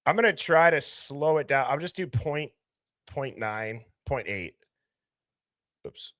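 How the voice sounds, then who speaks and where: A man's voice: medium pitch, expressive, slow pace, fairly bright tone, no echo, studio quality. A man hosting a live stream, thinking aloud and asking questions as he goes. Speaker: host. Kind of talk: casual live-stream discussion.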